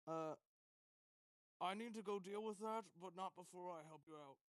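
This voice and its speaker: Eager tabletop player, smooth clear voice, stammers, dry sound. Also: medium pitch, normal speed, dry recording. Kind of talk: casual tabletop play.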